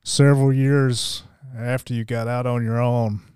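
A man hosting a podcast interview, encouraging and gently probing his guest. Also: mid-range voice, flat delivery, a little slow, smooth, no echo, clean studio sound. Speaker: podcast host.

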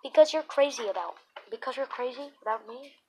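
A woman's voice: high-pitched, brisk, noisy background, lightly acted. A woman voicing a frightened teenage girl who snaps at her boyfriend, in a read-aloud storybook. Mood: uneasy. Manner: anxious, snappish. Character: nervous, sharp-tongued teenage girl.

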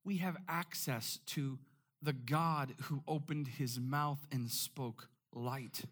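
Bright-voiced male preacher. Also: mid-range voice, takes it slowly. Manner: animated, repeats words when emphatic. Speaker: pastor. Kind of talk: sermon.

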